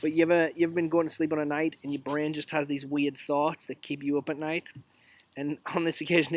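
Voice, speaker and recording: A man's voice: fairly high pitch, flat delivery, fairly quick. A man in his thirties hosting a casual live stream, joking his way through memes outdoors and dropping into whispers for asides.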